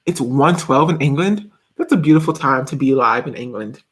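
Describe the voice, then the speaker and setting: A man's voice: mid-range voice, brisk. A man in his twenties chatting casually on a live stream, reading viewer comments in a giggly, rambling way. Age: 20s.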